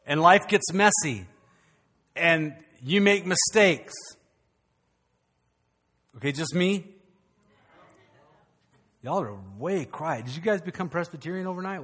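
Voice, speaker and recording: High-voiced pastor preaching. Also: male voice, long reverb tail. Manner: lively, joking asides to the congregation. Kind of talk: sermon. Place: church sanctuary.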